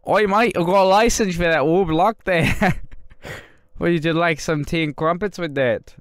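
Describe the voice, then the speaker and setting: A man putting on a loud, cartoonish British accent that slips toward Australian, playing a brash man bragging about himself. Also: fairly high pitch, measured pace, dry recording, studio quality, pitched above the performer's own voice, lightly acted. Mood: boastful. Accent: put-on British with some Australian. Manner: exaggerated, cartoonish.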